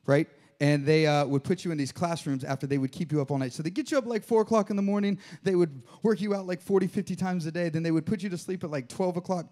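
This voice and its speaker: A man's voice: a little high, dark tone. A man preaching a sermon to his church, reading scripture and joking with the congregation. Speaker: pastor.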